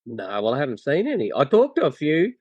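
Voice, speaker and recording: An Australian man guesting on a podcast, telling stories in a relaxed way with many fillers and restarts. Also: fairly high pitch, fast talker, slightly rough, no echo, lo-fi sound. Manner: laid-back storyteller, lots of fillers and restarts. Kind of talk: casual chat.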